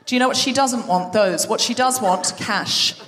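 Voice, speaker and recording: A woman's voice: a little high, moderate pace, a bit bright, a faint crowd, slight background noise. A woman hosting a live podcast show on a theatre stage, chatting with and quizzing the audience. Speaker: podcast host.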